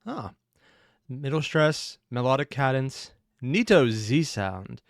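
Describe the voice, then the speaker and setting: A man's voice: mid-range voice, sing-song, slow, creaky, no room sound, clean studio sound. A man in his thirties hosting a reaction video, chatting casually with self-mocking asides. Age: 30s. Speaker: reaction channel host.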